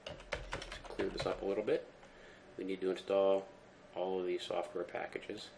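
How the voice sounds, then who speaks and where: A man giving a relaxed, step-by-step screen-recorded tech tutorial, talking through each command with fillers. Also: deep voice, normal speed, creaky, background noise. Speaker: tutorial presenter.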